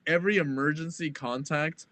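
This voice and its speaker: A man's voice: fairly high pitch, moderate pace, sharp tone, no room sound. Rambling young man telling a story. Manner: rambling, laughs often, quotes people in voices. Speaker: podcast guest. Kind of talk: casual storytelling.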